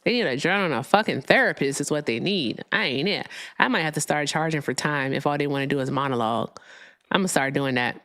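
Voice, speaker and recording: A woman's voice: low voice, fast talker, fairly bright tone. A woman hosting a political call-in livestream, chatting casually, swearing freely and gushing thanks to her viewers. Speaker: livestream host.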